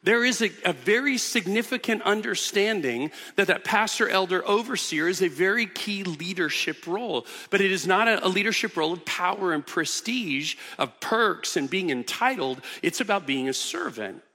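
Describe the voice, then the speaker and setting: A man's voice: high-pitched, animated, moderate pace, few pauses, sharp tone, big-room sound. A man preaching a sermon as pastor, teaching earnestly with emphatic repetitions in a church auditorium.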